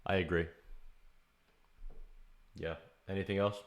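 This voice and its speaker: A man's voice: low-pitched, fairly even intonation, slow pace. A man hosting a livestream, chatting casually while giving feedback on music demos. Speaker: streamer giving demo feedback.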